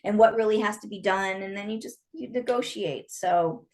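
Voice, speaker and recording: A woman's voice: medium pitch, normal speed, a little mellow. A woman guest explaining her film work frankly and at length in a casual interview. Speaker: guest, script supervisor.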